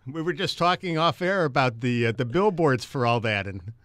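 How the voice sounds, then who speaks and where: A man's voice: medium pitch, animated, moderate pace, fairly bright tone, no room sound. Joking man co-hosting a talk show. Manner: joking, teasing questions. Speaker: co-host. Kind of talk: casual sports talk interview.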